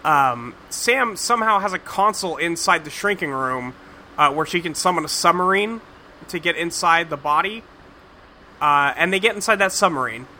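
Podcast host, male, high and bright, profane and rambling, casual chat. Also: expressive, moderate pace, slight background noise. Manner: rambling, profane, lots of fillers. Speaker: podcast host recapping a cartoon.

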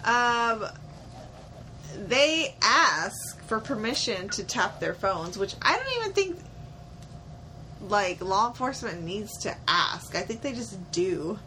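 A woman's voice: medium pitch, very animated, pushed and bright, a little hiss or hum, rough recording. A young woman co-hosting a podcast, chatting casually and laughing as she recaps a show. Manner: chatty, laughs often, quick asides. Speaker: podcast co-host.

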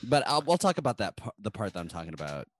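A man's voice: lowish voice, very animated, quick pace, crowd noise. A man co-hosting a casual chat, emphatic and mock-stern in his banter. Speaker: podcast co-host.

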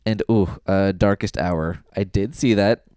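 A man co-hosting a podcast, chatting casually and giving opinionated takes with quick asides. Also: deep voice, a little mellow, smooth, no room sound, clean studio sound. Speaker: podcast co-host. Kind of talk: casual chat.

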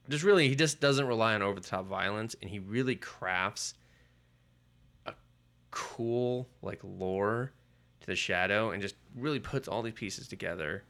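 A man's voice: fairly low pitch, sharp tone. A man co-hosting a podcast, chatting casually and retelling a comic's plot in a rambling, profane way full of filler words. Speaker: podcast co-host. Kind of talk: casual chat reviewing comics.

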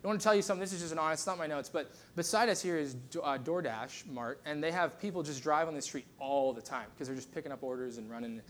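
A man's voice: a little high, quick pace, few pauses, a little hiss or hum. A man preaching a conversational sermon as pastor, telling stories with lots of fillers and restarts.

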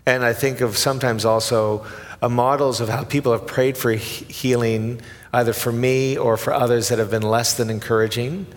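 A man's voice: mid-range voice, steady tone, normal speed, big-room sound. Thoughtful man hosting an interview. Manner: thoughtful, hesitant with fillers. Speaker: interview host. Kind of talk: reflective interview questions.

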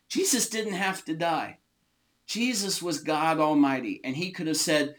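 A man teaching an informal Bible study, explaining words slowly and stressing single words. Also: a little high, expressive, a bit bright. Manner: slow, emphatic, often stressing single words.

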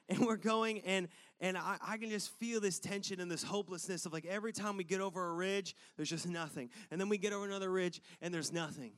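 A man telling a personal story to a live audience in a sermon-style talk, animated and conversational with loose filler words. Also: high-pitched. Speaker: speaker addressing an audience.

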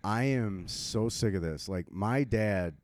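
A man chatting casually on a podcast, telling animated stories and shouting out quoted lines. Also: lowish voice, takes it slowly, a little hiss or hum. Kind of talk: casual chat.

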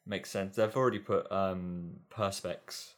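A man's voice: deep voice, fairly even intonation, measured pace. A man co-hosting a podcast, chatting casually and musing in a hesitant way that repeats words. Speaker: podcast co-host. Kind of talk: casual chat.

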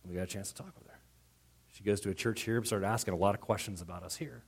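A man preaching a sermon as pastor, animated and quick to act out what others say, often restarting his words. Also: fairly low pitch, creaky, husky. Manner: animated, acts out quoted voices, frequent stammered restarts.

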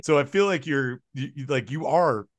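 A man from the American South co-hosting a casual podcast chat, rambling and self-deprecating, quick to laugh. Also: mid-range voice, animated, dry recording. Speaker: podcast co-host.

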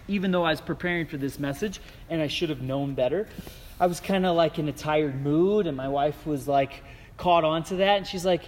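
A man preaching a sermon as a pastor, telling stories in a relaxed, conversational way with lots of fillers. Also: high-pitched, long reverb tail, a little hiss or hum. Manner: conversational storytelling with many fillers.

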